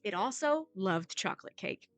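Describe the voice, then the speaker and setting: A woman's voice: mid-range voice, big pitch swings, normal speed, fairly bright tone. A woman chatting casually and reading a news story aloud, adding wry asides.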